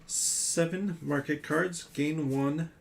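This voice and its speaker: A man's voice: a little high, fairly even intonation, takes it slowly, gravelly, a little hiss or hum. A man hosting a solo board game playthrough, musing aloud over rules and reading story text, with self-mocking asides. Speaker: board game player and host.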